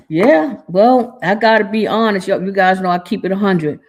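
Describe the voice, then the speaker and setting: A woman's voice: mid-range voice, moderate pace, hardly any pauses. Woman, podcast host, heartfelt monologue, casual slang, holding back tears. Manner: earnest and casual, with informal slang.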